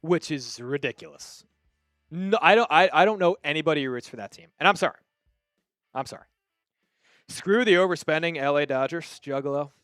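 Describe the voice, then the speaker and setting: Smooth-voiced Long Island man hosting. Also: fairly high pitch, animated, brisk, long pauses, a bit bright, no echo, studio quality, soft background music. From Long Island, New York. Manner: casual, chatty, reads viewer messages aloud. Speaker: livestream host. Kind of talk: live game watch-party commentary with chat.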